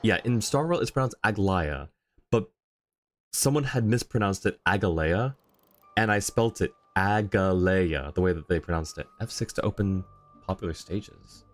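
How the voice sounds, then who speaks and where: A man's voice: on the low side, a little fast, soft background music. A man streaming a game in casual chat, effusively thanking viewers and laughing often. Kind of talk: casual live-stream chat while gaming.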